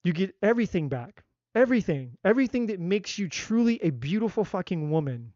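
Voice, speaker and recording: Man, tarot reader, emphatic and repetitive, raised pitch, close dry mic. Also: big pitch swings, fairly quick, dark tone, no echo, highs cut off. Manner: emphatic, repetitive, swears casually. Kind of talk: live-stream spiritual talk.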